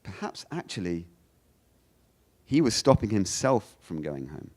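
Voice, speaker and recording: A man delivers a theology lecture in a loose, conversational manner. His voice sits low but rises and falls a great deal. He often stumbles over repeated words and fills his sentences with "you know". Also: sing-song, a little slow, darkish tone. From United Kingdom. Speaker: guest lecturer.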